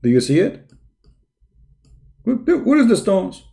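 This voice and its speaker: Male host, mocking commentary, sarcastic and slow to ask, lively pitch. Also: vocal fry. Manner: sarcastic, with slow, drawn-out questions. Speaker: video host. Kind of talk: mocking commentary with a comic skit.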